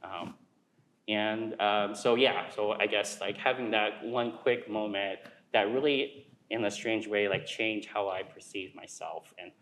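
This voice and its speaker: A man's voice: on the low side, steady tone, unhurried, a bit bright, slight background noise, rough recording. A man on an alumni panel, earnest and hesitant, with many ums and likes. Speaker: alumni panelist, nonprofit fundraiser. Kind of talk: personal panel talk.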